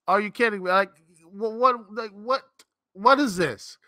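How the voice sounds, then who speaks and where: Exasperated bright-voiced man ranting. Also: sits high, unhurried, no echo, clean studio sound. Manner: exasperated, rambling, sarcastic. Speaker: podcast host. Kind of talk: live-stream commentary rant.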